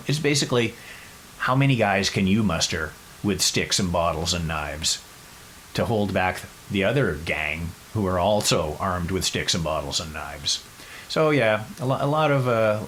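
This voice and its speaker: Low-voiced male podcast host, chatty storyteller with wry jokes. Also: a little hiss or hum, poor audio. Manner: animated, chatty, wry asides. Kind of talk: casual storytelling.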